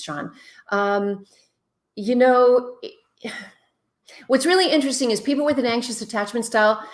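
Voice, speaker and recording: Chatty woman hosting a live advice stream. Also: on the high side. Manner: chatty, reads out viewer comments and answers bluntly. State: tired after a long day. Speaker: relationship expert host. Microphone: webcam mic, moves toward and away from it.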